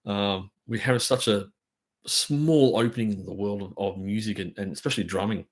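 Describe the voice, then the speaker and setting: A man's voice: fairly low pitch, normal speed. A middle-aged Australian man hosting a drum channel, chatting on a live stream in a rambling, enthusiastic way full of fillers. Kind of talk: casual live-stream chat.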